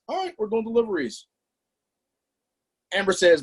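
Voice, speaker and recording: Guy hyping up his team at a sales training, husky voice pitched a bit high, lots of "right?". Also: fast. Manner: animated and emphatic, with rhetorical questions and slang. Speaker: business trainer presenting to a team. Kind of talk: motivational sales training talk.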